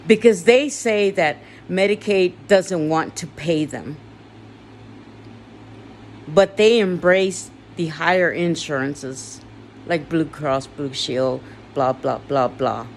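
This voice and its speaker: A woman's voice: sits low, slight background noise. A woman giving a raw personal confessional monologue, weary and emotional, with blunt swearing. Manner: slow, weary and emotional, turning bitter with swearing. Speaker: vlogger.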